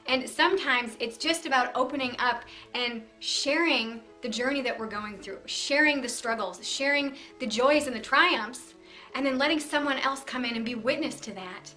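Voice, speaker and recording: A middle-aged woman hosting a motivational video series, talking to camera with lively encouragement, numbered steps and little stories. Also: high-pitched, moderate pace, faint music behind. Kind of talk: upbeat motivational talk to camera.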